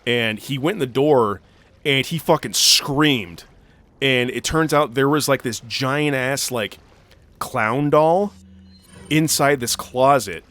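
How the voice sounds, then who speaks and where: In a slow, mid-range voice with a fairly bright tone, a young man co-hosts a gaming video. He wanders through a lengthy story full of fillers and swearing as he plays, casual let's-play storytelling.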